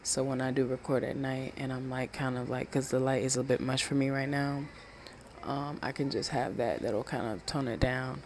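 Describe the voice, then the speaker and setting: Casual solo podcaster, mid-pitched voice, low-key, rambling, home at night, handheld mic. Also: flat delivery, moderate pace, slight background noise. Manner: talking low and rambling, swears freely. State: winding down. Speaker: podcast host. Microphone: small handheld USB microphone.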